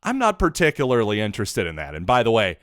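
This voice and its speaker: A man hosting a solo sports podcast, talking in an animated, sarcastic way with rambling asides into a close mic. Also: on the low side, quick pace, dry recording. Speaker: podcast host.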